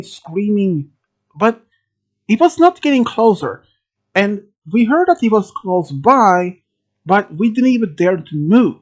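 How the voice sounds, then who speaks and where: A storyteller from Sweden telling a first-person horror story, halting, with restarts and phrasing. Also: medium pitch. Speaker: channel host telling a story.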